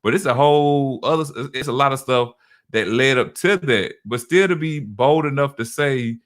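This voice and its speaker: A man's voice: mid-range voice, normal speed. A man in casual podcast chat, telling stories loosely with many restarts. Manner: loose, repetitive storytelling with frequent restarts. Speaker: podcast co-host.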